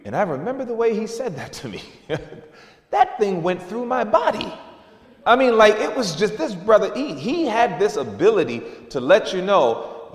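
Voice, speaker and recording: Animated preacher in an echoey hall. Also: male voice, normal speed. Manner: animated, drops to a low hush for emphasis. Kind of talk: sermon. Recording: echoey hall, mic at a distance.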